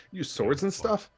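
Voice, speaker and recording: A man's voice: medium pitch, slight background noise. Chatty man reacting to an anime. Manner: chatty, thinks aloud, laughs often. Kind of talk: casual reaction commentary.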